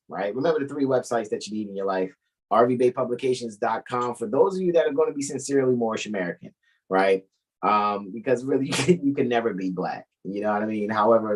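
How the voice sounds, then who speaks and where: A man's voice: lowish voice, breathy edge, rough recording. A man co-hosting a casual podcast chat, blunt and profane with a preachy edge. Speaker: co-host.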